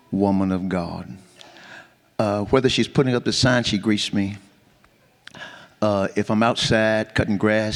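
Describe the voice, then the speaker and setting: A man, a church member giving an earnest, halting tribute with many pauses. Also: fairly low pitch. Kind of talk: informal tribute speech. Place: church hall. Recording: long hall reverb.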